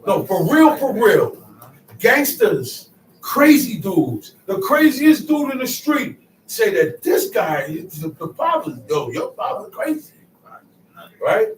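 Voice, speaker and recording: A man teaching scripture in casual street talk, emphatic and repetitive, moving from quiet asides to loud outbursts. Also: high-pitched, big pitch swings, takes it slowly, slight background noise. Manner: emphatic, repeats phrases, swings from soft asides to loud outbursts. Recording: echoey room, mic set far off.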